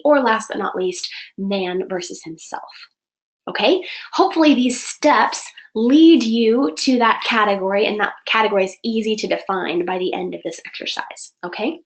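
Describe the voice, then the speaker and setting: A woman's voice: medium pitch, expressive, normal speed, rough recording. A woman teaching an online writing class to children, talking in a chatty, encouraging way and correcting herself as she goes. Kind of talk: live online class instruction. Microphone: computer mic for online class.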